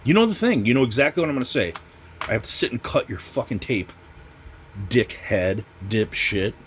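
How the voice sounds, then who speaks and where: A man's voice: mid-range voice, very animated, moderate pace, slight background noise. A man hosting a casual comic book unboxing vlog, ranting with constant profanity and sarcasm. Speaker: comic channel host.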